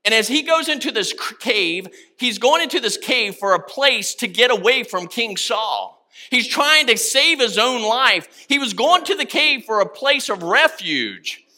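Male pastor, high and very bright voice, impassioned sermon, swings from hushed to loud. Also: lively intonation, unhurried. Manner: impassioned, rising to shouts on key words.

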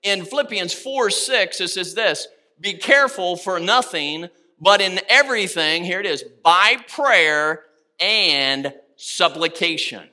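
A man preaching a sermon with passion, acting out quiet prayers and rising to near shouts on key lines. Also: sits high, animated, slow. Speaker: pastor.

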